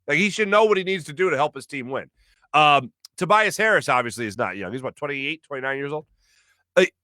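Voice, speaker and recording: A man hosting a sports talk show, hoarse from losing his voice, giving an emphatic opinion monologue and clearing his throat now and then. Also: on the high side, sharp tone, no echo. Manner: emphatic, repeats phrases for stress, clears throat often.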